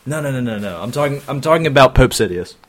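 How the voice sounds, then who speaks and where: A man's voice: medium pitch, lively intonation, fast talker. A man co-hosting a comedy podcast, hesitant and stammering with rambling jokes. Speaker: co-host. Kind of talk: casual comedic chat.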